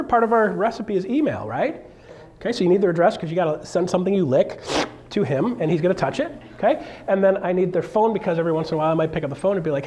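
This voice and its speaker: A man's voice: high-pitched, sing-song, fast talker, darkish tone. A middle-aged man coaching a live seminar, joking and acting out the voices of clients as he goes. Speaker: real estate coach.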